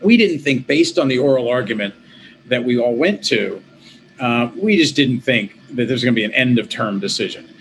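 A middle-aged man, an interview guest, telling his story in a lively, conversational way, with quick restarts and quoted voices. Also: mid-range voice, slight background noise, low-quality recording. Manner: animated, quick restarts, quotes himself and others.

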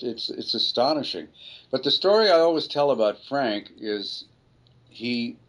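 A man's voice: fairly low pitch, rough recording. An older man, a voice actor, telling rambling anecdotes in an interview and often correcting himself mid-sentence. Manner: rambling, self-correcting storyteller. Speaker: voice actor guest.

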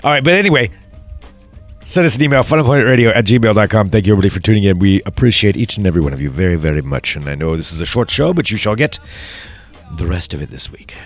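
Goofy low-voiced male radio co-host. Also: lively intonation, fast, soft background music. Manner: playful, goofy banter. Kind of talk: casual chat.

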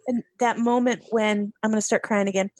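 A woman's voice: mid-range voice, steady tone, brisk, darkish tone, a little hiss or hum. A woman co-hosting a casual podcast chat, emotional and gushing, with sighs. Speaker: podcast co-host.

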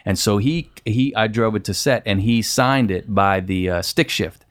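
A man chatting casually, telling an animated story and acting out what people said. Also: lowish voice, moderate pace. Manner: animated storyteller, acts out others' lines. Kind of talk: casual chat.

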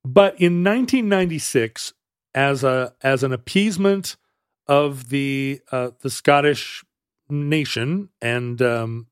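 A man co-hosting a podcast, telling a history story in a casual, halting way with frequent restarts. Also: mid-range voice, clear, resonant tone, no echo, studio quality. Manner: halting, many restarts and fillers, wry. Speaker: podcast co-host.

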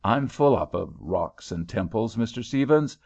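A man's voice: on the low side, expressive, measured pace, vocal fry, darkish tone, heavily acted. A man voicing a nervous, fussy older American aunt with a fretful, folksy way of talking, in a storybook reading. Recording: dull lo-fi recording.

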